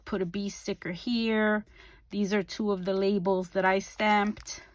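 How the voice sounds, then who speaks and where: A middle-aged woman talks through a crafting project in a slow, unhurried way. She fills pauses with ums and corrects herself as she goes, in a casual, homey narration. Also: mid-range voice, dry recording. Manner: relaxed and unhurried, with frequent ums and small self-corrections. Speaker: craft video host.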